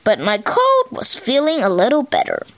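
A woman reading a picture book aloud in an animated, expressive way, as a storyteller. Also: a little high, moderate pace.

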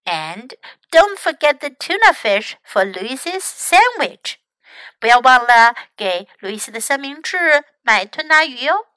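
A woman voicing a calm fox mother in a storybook, speaking in a gently teasing way. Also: sits high, unhurried, dry recording, exaggerated voice.

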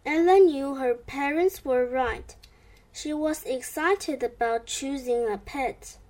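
A woman reading a children's storybook aloud as narrator, in a gentle read-aloud manner. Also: sits high, takes it slowly.

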